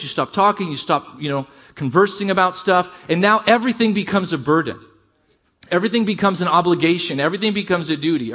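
A middle-aged man preaching a sermon to his congregation, conversational with rising emphasis and quick asides. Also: high voice, fairly bright tone. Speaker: pastor.

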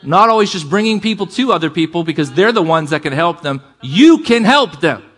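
A man preaching a sermon to a congregation, calling for amens and shifting between fast bursts and slow, quiet emphasis. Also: high voice. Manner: energetic preaching, calls for amens, varies pace and volume. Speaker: pastor.

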